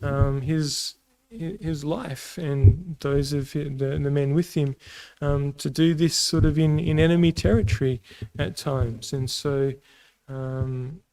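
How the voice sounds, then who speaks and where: An Australian man teaching a casual Bible lesson, pausing often with ums and restarts. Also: fairly high pitch, gravelly, darkish tone, clean tone, poor audio. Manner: halting, many ums and restarts.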